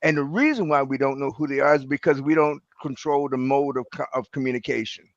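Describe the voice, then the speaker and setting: Gravelly guy on a political panel, earnest and reflective, dry close sound. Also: mid-range voice, fairly quick, dry recording, dull audio. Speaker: political roundtable guest. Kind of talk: political discussion.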